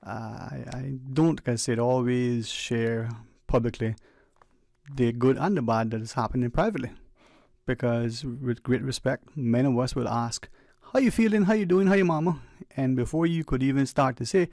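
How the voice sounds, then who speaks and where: Here a man from the Cayman Islands, hosting a talk radio show in a radio studio, gives a preachy, reflective monologue conversationally. His medium-pitched voice is creaky and a little mellow, and his pace shifts for emphasis. It's a dry, studio-quality recording on a studio microphone.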